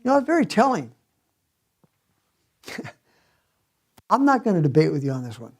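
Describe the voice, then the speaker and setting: Lively, animated male pastor preaching. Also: high voice, normal speed. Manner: animated storytelling with chuckles. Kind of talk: sermon. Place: church.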